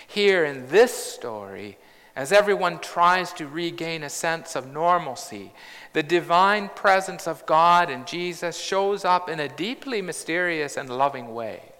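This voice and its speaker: A man in his fifties preaching a sermon in a large church, measured and reflective with bursts of humour. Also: fairly high pitch, expressive, a bit bright. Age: 50s. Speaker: pastor. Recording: long church reverb.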